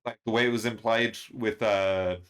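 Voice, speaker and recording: A man hosting a casual reaction and review, excitable and rambling, laughing often between fillers. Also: lowish voice, moderate pace. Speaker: manga reaction channel host.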